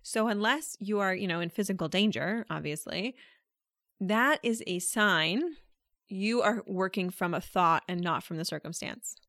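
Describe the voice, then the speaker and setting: A woman coaches her listeners on a podcast, plain and direct in her delivery. Her pitch sits in an ordinary middle range, and she speaks close to the mic in a dry, dead room with no echo. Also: measured pace, a bit bright. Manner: direct, conversational, quotes listeners' questions. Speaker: podcast host and life coach. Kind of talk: solo podcast coaching talk.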